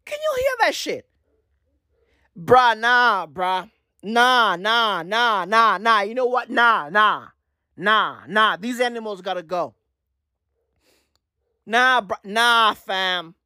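A woman's voice: medium pitch, takes it slowly, sharp tone, dry recording, studio quality. A woman in a casual comedic rant, slangy and swearing, repeating herself, breaking into animal imitations. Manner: slangy, swearing, repetitive, playful, mimics animal sounds.

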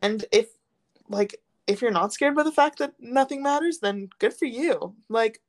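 A woman's voice: on the high side, moderate pace. A young woman co-hosting a casual podcast chat, rambling with lots of filler words and giggling. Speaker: podcast co-host.

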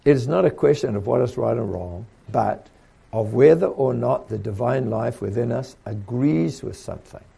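A man's voice: medium pitch, animated, normal speed, creaky, warm tone, breathy edge. A man preaching a sermon in a conversational way, repeating himself and acting out little quotes.

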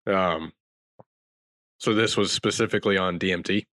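A man's voice: sits low, moderate pace, a bit bright, dry recording, clean studio sound. A man chatting on a podcast, giving brief, skeptical replies and questions. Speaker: podcast co-host. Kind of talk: casual chat.

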